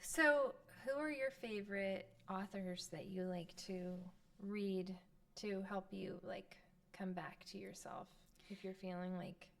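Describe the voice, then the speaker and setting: A woman's voice: mid-range voice, takes it slowly, creaky, a bit bright. A woman chatting casually as a guest, thoughtful and easygoing. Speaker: co-host guest. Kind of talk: casual conversation.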